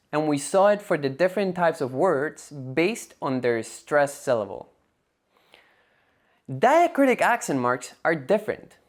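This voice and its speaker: A woman teaching a Spanish grammar lesson in a clear, methodical, scripted lecture style with a faint Spanish-speaking accent. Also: deep voice.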